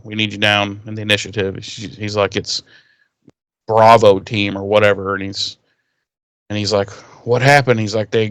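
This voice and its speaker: A man's voice: on the low side, clear, resonant tone, no room sound. A man co-hosting a podcast, casually retelling a TV episode with lots of swearing and quoted lines. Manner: profane, animated retelling with quoted character lines. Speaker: podcast co-host. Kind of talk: casual recap chat.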